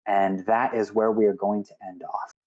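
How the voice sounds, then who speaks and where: A man acting as game master, narrating a tabletop game in a halting way with many fillers. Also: lowish voice, level tone, a little mellow, lo-fi sound.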